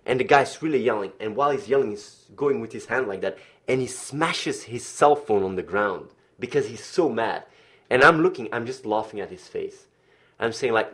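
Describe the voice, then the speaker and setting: A man telling a story on a livestream, animated, swearing, often restarting his sentences. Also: medium pitch, moderate pace. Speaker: streamer.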